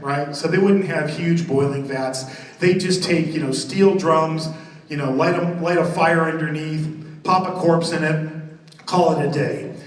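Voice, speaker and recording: A man with a notably high voice describes a horror attraction from a convention stage, joking and relishing the gruesome details. The sound is distant and roomy, captured from the audience in a big reverberant hall. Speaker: haunted attraction designer presenting on stage. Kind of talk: live stage presentation. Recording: roomy hall recorded from far off.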